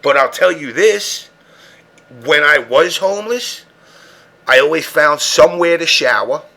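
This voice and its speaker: A man's voice: a little high, expressive, unhurried, gravelly, bright, forceful tone. A man hosting a podcast, telling long profane stories in casual chat. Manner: profane, rambling storyteller. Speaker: podcast host.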